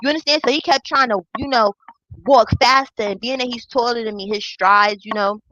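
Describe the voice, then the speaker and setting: A woman's voice: fairly high pitch, brisk, dry recording, dull audio. A young woman telling a profane personal story in a casual storytime vlog, acting out the voices of the people in it. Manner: animated, acts out quoted voices, profane.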